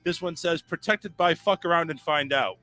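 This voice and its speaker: A man's voice: fairly high pitch, normal speed, pushed and bright. A man hosting a call-in talk show, reading memes aloud and joking with a crude, profane streak. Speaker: radio show host. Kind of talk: casual call-in show banter.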